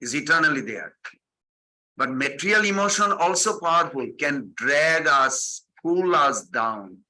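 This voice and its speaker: A man teaches a spiritual lesson through animated stories, repeating phrases and slipping into quoted voices. His voice is strikingly bright and sits a touch high for a man. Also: unhurried, poor audio. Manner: animated storytelling, acting out quotes, repetitive phrasing. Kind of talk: devotional sermon with stories.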